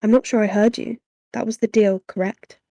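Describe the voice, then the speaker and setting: A gentle, worried father, read by a woman coaxes his grown daughter in a tender, gently firm way. The voice stays mellow and dark, with a gravelly edge and dry close sound. This is storybook dialogue read in a plain voice. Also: mid-range voice, fairly even intonation, moderate pace, dry recording, highs cut off, natural voice. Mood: coaxing.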